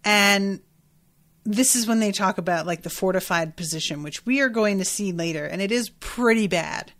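An irreverent woman hosting a book podcast, moving between reading passages aloud and chatty, candid commentary. She swears freely and asks rhetorical questions of the characters, in a voice of ordinary middle pitch for a woman. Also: moderate pace, fairly bright tone. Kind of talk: casual chat mixed with read-aloud passages.

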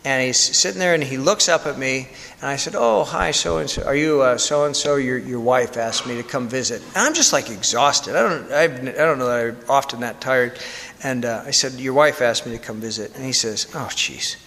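Bright-voiced priest preaching in a reverberant church. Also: male voice, mid-range voice, moderate pace, vocal fry. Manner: candid, conversational, self-deprecating humor. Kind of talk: storytelling sermon.

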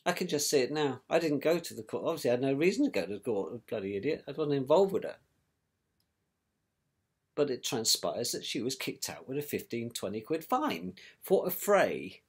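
A man's voice: mid-range voice, very animated, moderate pace, husky. A man recounting events about his brother, in a scornful, colloquial storytelling manner. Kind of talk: personal storytelling.

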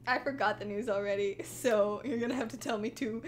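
A woman's voice: mid-range voice, fairly even intonation, fairly quick, a little hiss or hum. A woman co-hosting a live stream, chatting casually and playfully. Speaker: co-host streamer.

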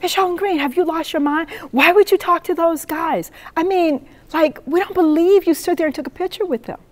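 A woman's voice: extremely high pitch, brisk, voice pushed up. A woman in her seventies putting on the voice of an indignant young college student during a storytelling talk. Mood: scolding. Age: 70s. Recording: long reverb of a hall.

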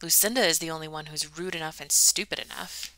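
A stout, scolding older woman from a storybook, brusque and matter-of-fact, as a woman reads her lines. The voice is a little low, bright and crisp, with no echo. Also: fast talker. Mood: brisk.

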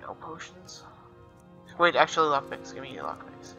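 A young man with a slightly high voice, cursing and joking his way through a video game. His running commentary is sarcastic and offhand, with game music playing under it. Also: big pitch swings, normal speed, gravelly. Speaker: gamer. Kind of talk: let's play commentary.

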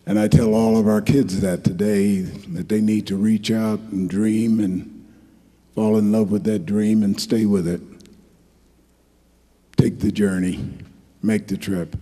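A man's voice: on the low side, takes it slowly, dark tone, breathy edge. An older man from New Jersey giving a folksy, rambling, joking acceptance speech at an awards ceremony in a large hall. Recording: echoey hall.

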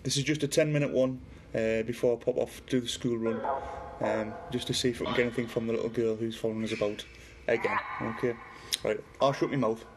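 Middle-aged Geordie man, mid-pitch, chatty livestream host; clear static hiss under the voice. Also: fairly even intonation, fast talker, few pauses. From Newcastle, northeast England. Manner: chatty, reads viewer comments aloud, talks to a spirit box. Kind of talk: casual livestream chat.

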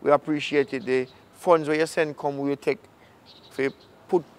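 A man's voice: on the high side, moderate pace. A man with a Jamaican accent, a filmmaker hosting his channel, talking casually to viewers in patois-tinged speech. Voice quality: Jamaican patois phrasing, relaxed. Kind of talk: casual outro talk to viewers.

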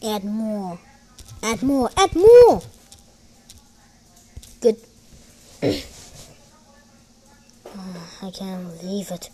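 A woman giving excitable, giggly commentary while playing a game. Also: mid-range voice, very slow, pauses often, breathy edge. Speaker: gamer. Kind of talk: gameplay commentary.

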